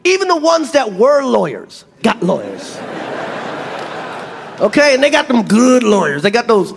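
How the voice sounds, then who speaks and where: A middle-aged man performing a profane, animated stand-up routine and acting out other people's voices. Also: extremely high pitch, measured pace, vocal fry, background noise. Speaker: stand-up comedian. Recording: long reverb of a large venue, faint ambience.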